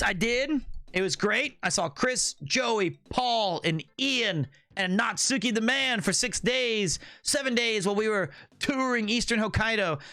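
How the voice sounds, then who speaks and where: Streaming from Tokyo, Japan, a man chats casually with his viewers in an animated, playful way, riffing on slang and trip stories while laughing at his own jokes. His voice is high-pitched, with no echo.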